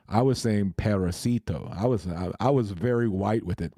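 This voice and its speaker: Man, live-stream host, casual chatty delivery, chuckles a lot, lowish mellow voice, dry close sound. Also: moderate pace, few pauses, no echo. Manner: laughs often, greets and answers chat.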